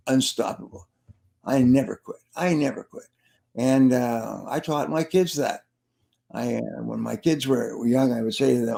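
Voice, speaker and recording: A man's voice: medium pitch, gravelly, a little mellow. A man, a sales trainer and motivational speaker, telling stories in an interview and repeating his key phrases for emphasis. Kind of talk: interview storytelling.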